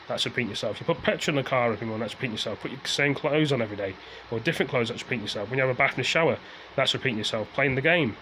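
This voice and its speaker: A man venting into the camera in a loose, rambling rant. His voice sits at an ordinary middle pitch, and he circles back to the same points, swearing as his frustration builds. A faint hum of background noise sits behind him. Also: fairly bright tone, low-quality recording. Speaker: vlogger. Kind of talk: casual ranting to camera.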